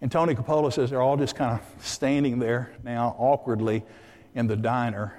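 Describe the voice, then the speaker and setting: A man preaching a sermon and telling a story in a lively way, acting out the voices of the people in it. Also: medium pitch, moderate pace, long reverb tail.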